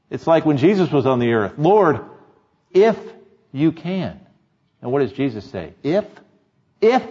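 A man's voice: mid-range voice, darkish tone. A man preaching a sermon, reading scripture and asking the congregation rhetorical questions in an earnest, emphatic way. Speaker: pastor. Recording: dull lo-fi sermon recording.

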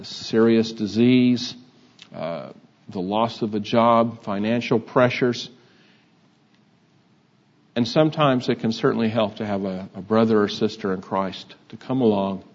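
Older male preacher, unhurried and halting, muffled lo-fi recording. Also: lowish voice, a little mellow. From Texas. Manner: halting, many uh fillers, conversational. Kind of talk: sermon. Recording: dull lo-fi sound.

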